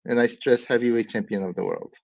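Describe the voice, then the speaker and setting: A man's voice: medium pitch, fairly even intonation, fast talker, vocal fry, darkish tone, highs cut off. A man hosting a casual livestream, rambling with frequent laughs and bursts of playful announcing. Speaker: livestream host.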